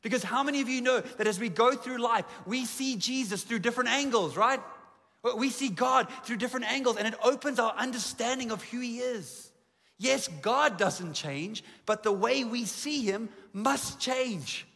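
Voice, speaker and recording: A man preaches from a church stage, his voice high and bright, trading self-mocking jokes for strings of repeated phrases. Long reverb rings off the hall around him. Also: normal speed. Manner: humorous, self-deprecating asides; repetitive emphatic lists. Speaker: pastor. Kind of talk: sermon. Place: church auditorium.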